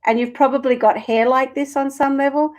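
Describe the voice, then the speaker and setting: A woman's voice: high-pitched, steady tone, brisk, darkish tone. A woman co-hosting a live stream and reading spiritual cards for viewers, earnest and emotional with the odd swear.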